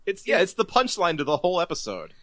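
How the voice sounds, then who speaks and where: A man's voice: high voice, huge pitch swings, quick pace, a bit bright, no echo. A man joining a casual podcast chat as the guest, playful with jokey asides.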